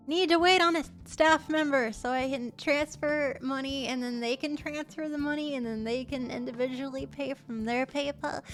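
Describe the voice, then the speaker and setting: A woman streaming casually, bubbly and excitable, gasping and chatting to her viewers. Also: high voice, moderate pace, few pauses, faint music behind. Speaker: livestreamer. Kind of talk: casual livestream chat.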